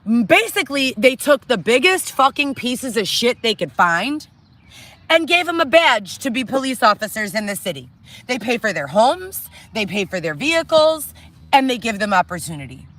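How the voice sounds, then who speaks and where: A woman's voice: on the high side, big pitch swings, normal speed, fairly bright tone. A middle-aged woman on a reality show, delivering an agitated, profane, distraught monologue to the camera from inside a tent. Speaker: reality show cast member.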